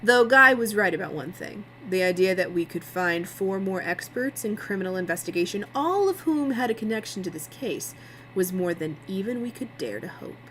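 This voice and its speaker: A woman's voice: medium pitch, lively intonation, moderate pace, fairly bright tone, slight background noise, close to an everyday voice, poor audio. Woman reading as a smug mocking producer. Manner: sarcastic, needling.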